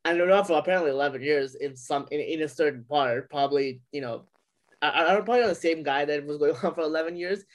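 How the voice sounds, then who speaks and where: A man's voice: fairly high pitch, fast talker. A young man co-hosting a podcast, speculating casually and stumbling over repeated words. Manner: stammering, speculative. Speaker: podcast co-host. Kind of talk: casual chat.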